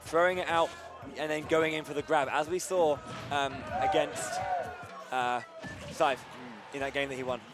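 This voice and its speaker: A man's voice: fairly high pitch, fairly even intonation, normal speed, pauses often. A man co-commentating a live fighting-game match, jokey, laughing often and tripping over his words. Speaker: esports co-commentator. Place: tournament venue with crowd. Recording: crowd and music behind.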